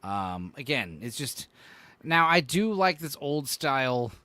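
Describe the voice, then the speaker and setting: A man's voice: mid-range voice, big pitch swings, slow, pushed and bright, no room sound. A man co-hosting a casual podcast chat, rambling and swearing, full of "like" and "you know". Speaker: podcast co-host.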